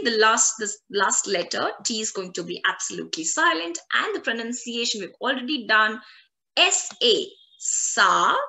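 A woman's voice: fairly high pitch, sharp tone. A woman teaching a French lesson in English, repeating each word several times so learners can copy her pronunciation. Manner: drills pronunciation by repeating words slowly. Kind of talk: language lesson.

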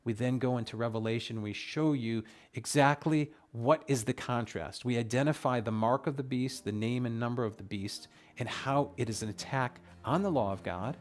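A man teaches a Bible study in a mid-range voice, reading the verses slowly and pressing each point home with emphatic outbursts of wonder. His delivery swings between quiet explanation and loud, drawn-out emphasis. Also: mid-range voice, soft background music. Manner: emphatic, exclaims over scripture verses.

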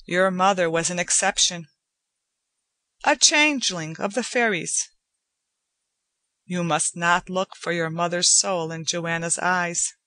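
A woman's voice: fairly low pitch, bright, forceful tone, no echo. A woman reading aloud, voicing an aging male cat who speaks as a grave, formal father. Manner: slow, formal, solemn.

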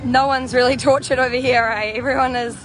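A woman's voice: high-pitched, flat delivery, fairly quick. A young woman with a New Zealand accent chatting and laughing as she walks through an outdoor camp, filming on a handheld phone. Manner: bubbly, chatty, laughs often. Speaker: vlogger. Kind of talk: walking livestream vlog. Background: music playing nearby.

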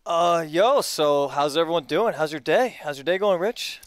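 A man's voice: on the high side, animated, normal speed, smooth, no echo. A man bantering on a livestream, loose and teasing. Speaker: guest co-host. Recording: stream with music behind. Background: music.

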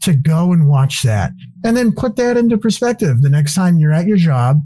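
A man talks as a podcast guest in loose, rambling, profanity-laced stories, laughing as he goes. His voice is dark and mellow. The sound is dry and close, with little room in it. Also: a little high, no echo. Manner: excitable, quick to laugh. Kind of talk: casual chat.

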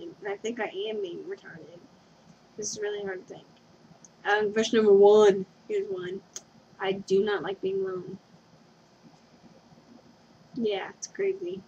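A woman's voice: mid-range voice, warm tone, a little hiss or hum. A young woman rambling through a casual confession vlog at home, giggly and scatterbrained, often losing her train of thought. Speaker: vlogger. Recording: dull lo-fi webcam recording.

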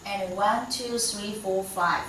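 A woman teaching Mandarin in non-native English with a Chinese accent, patient and slow, with many soft "mm"s. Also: mid-range voice, slight background noise. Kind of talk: one-on-one online lesson. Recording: echoey room, voice from a distance.

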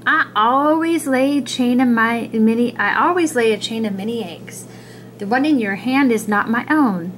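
A woman voicing a proud mother frog in a picture-book reading, croaking ribbits between her lines. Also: a little high, normal speed, slight background noise, close to an everyday voice.

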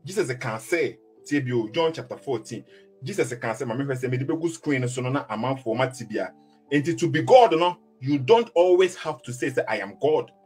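Husky Ghanaian man teaching scripture. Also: medium pitch, expressive, normal speed, darkish tone, soft background music. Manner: mixes Twi and English, reads scripture aloud. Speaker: religious debater. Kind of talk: preaching-style Bible teaching.

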